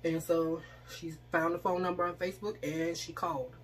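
Eating as she talks, this vlogger tells a casual story and performs the voices of the people she quotes. She has a lowish voice with a flat delivery at normal speed, and there's slight background noise.

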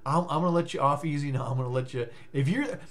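Casual vlogger, male, tired, rambling and stammering, slightly high voice, goofy sing-song bursts. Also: fast. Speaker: life coach vlogger.

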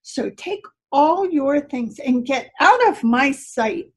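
A woman's voice: a little high, lively intonation, slow. A woman voicing a mean, tough man who scolds his donkey in a huff. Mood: scolding. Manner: huffy and scolding.

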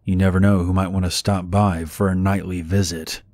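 A man narrating a true scary story in a calm, measured, scripted reading. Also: low voice, no room sound.

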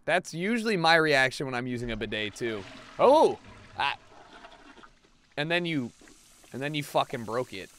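A young man giving profane, excitable let's play commentary as a gaming video host, now and then bursting into shouts. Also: medium pitch, moderate pace, long pauses, a little hiss or hum.

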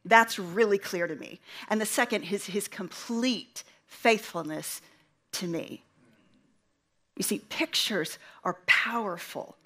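Slow, emphatic woman preacher. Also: mid-range voice, fairly bright tone. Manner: slow, emphatic delivery with dramatic pauses; invites the congregation to respond. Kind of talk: sermon.

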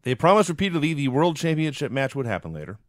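A man's voice: fairly high pitch, big pitch swings, quick pace, no echo. A man hosting a podcast, recapping old shows in a dry, wry casual manner. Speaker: podcast host.

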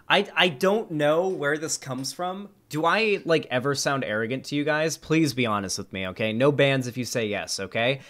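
A man's voice: medium pitch, normal speed, few pauses. A young man streaming, reading online comments aloud and reacting with casual, sarcastic commentary and frequent swearing. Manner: sarcastic, animated, swears freely.

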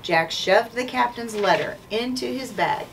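A woman's voice: fairly high pitch, fairly bright tone. Woman principal reading a children's book. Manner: clear, measured storytelling to children. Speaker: school principal reading aloud. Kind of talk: children's book read-aloud. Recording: distant mic, faint background noise.

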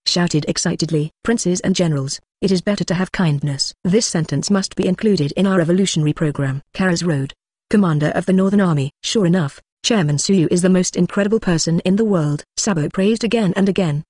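A synthetic narrator voice reading an audiobook in an even manner, speaking punctuation marks aloud as words. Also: mid-range voice, no room sound, clean studio sound. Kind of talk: machine-read scripted narration.

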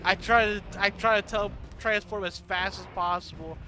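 A man giving casual, excitable gameplay commentary, laughing often and swearing freely. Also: high voice, normal speed, slight background noise. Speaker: gaming channel host.

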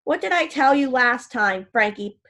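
A steaming-mad older man scolds two kids in a low hiss, clipped and demanding, as a woman reader puts him on. He sounds gruff and threatening in an audiobook reading. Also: expressive, normal speed, fairly bright tone. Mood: angry. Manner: hissing, demanding.

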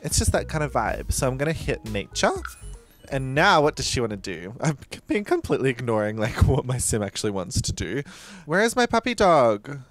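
A young man who performs as a drag queen hosts a let's play, chatting casually and cursing freely as he plays a life-sim game. His medium-pitched voice is very animated and brisk, with soft music in the background.

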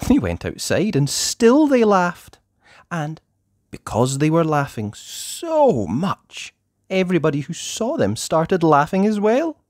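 A storyteller reading a children's picture book aloud in an expressive, sing-song way. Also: medium pitch, takes it slowly, no room sound, clean studio sound.

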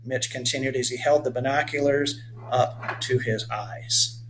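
An older man reads his own children's story aloud at an even, mid-range pitch. He slows down to explain words to young listeners. A faint hum runs underneath. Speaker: author reading his children's book.

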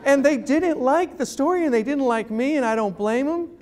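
High-voiced New man telling stories. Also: normal speed, some chatter behind. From New York City. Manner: animated storytelling, self-deprecating. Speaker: guest speaker. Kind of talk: humorous public talk. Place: event room.

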